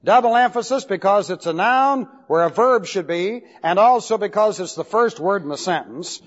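High-voiced man lecturing in a reverberant hall. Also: expressive, normal speed. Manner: emphatic, repeats and spells out key words. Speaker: Bible teacher. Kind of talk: classroom lecture on Greek grammar. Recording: dull lo-fi recording with long hall reverb.

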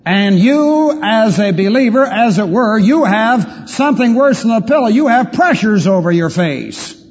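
A man teaching the Bible as a pastor, emphatic, asking rhetorical questions and swinging his pitch widely. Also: lively intonation, unhurried, darkish tone, husky. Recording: lo-fi reverberant hall recording.

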